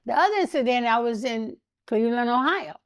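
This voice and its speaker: An older woman, a guest in an interview, telling animated stories and acting out the voices of the people in them, often breaking into laughter. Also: a little high, a little fast, no echo, clean studio sound. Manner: animated anecdotes, laughs often, acts out quotes. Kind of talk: storytelling interview.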